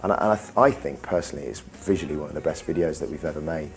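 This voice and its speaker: A man's voice: rumbling low, rapid-fire. A young man in a pop band, talking earnestly and rambling in an interview. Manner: earnest, rambling, many restarts. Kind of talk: interview talk. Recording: music playing behind. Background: faint music.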